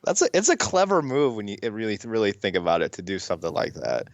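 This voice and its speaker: A man's voice: on the low side, huge pitch swings, fast talker, no echo, dull audio. A man co-hosting a podcast in casual chat, laid-back and laughing along. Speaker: podcast co-host.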